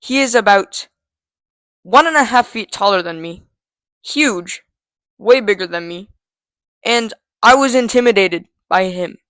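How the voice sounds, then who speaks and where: A man's voice: high voice, lively intonation, measured pace, long pauses, fairly bright tone, dry recording. A teenage boy casually telling a story to the camera, rambling with lots of "um" and "like" and laughing at himself. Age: teens.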